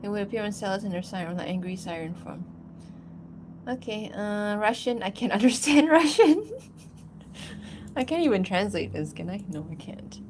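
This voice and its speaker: A woman's voice: mid-range voice, lively intonation, normal speed, pauses often, noisy background. A woman animator chatting casually on a livestream, rambling and giggling, with lots of fillers. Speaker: animator streaming while answering chat.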